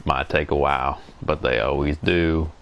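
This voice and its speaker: A man's voice: rumbling low, steady tone, moderate pace, vocal fry, a bit bright, slight background noise. A man streaming a game, talking to himself in a casual, wry, musing way, congested from a cold. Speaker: gaming streamer. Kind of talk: casual solo gameplay commentary.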